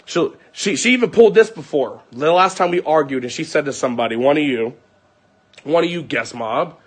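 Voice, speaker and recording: A young man venting to his viewers in an angry, profane, unscripted rant that comes in rapid bursts. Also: fairly high pitch, animated, slightly rough.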